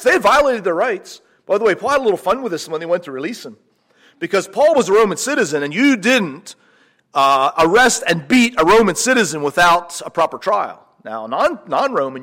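High-voiced American preacher with lively emphasis. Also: male voice, fairly quick. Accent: American, slightly mixed with South African English. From Pennsylvania, USA. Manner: conversational, rising to animated emphasis, asks the congregation questions. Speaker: missionary preacher. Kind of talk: sermon.

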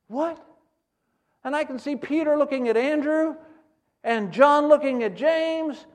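Man, preacher, high voice, animated sermon delivery. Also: moderate pace. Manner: animated, acts out scenes in character voices.

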